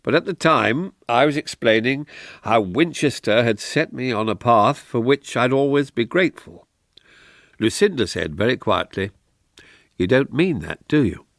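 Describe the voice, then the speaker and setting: An actor playing an older retired politician whose wife has vanished, speaking slowly and reflectively with a wry edge. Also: male voice, medium pitch, expressive, vocal fry, fairly bright tone, dry recording, studio quality. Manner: reflective, wry, slow delivery. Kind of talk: radio drama acting.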